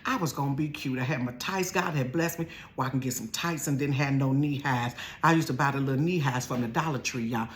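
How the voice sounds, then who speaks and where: A woman from Ohio telling a storytime from her bedroom. She talks straight to her viewers in a casual, chatty way, calling them "y'all" and "honey". She moves from hushed asides to loud, laughing outbursts. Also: extremely low pitch, fairly quick, hardly any pauses, slight background noise. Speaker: storytelling vlogger.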